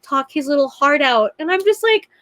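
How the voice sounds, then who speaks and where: Earnest young woman, a bit high. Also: expressive, moderate pace, fairly bright tone. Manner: earnest, emotional, gushing. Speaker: podcast guest. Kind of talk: casual conversation.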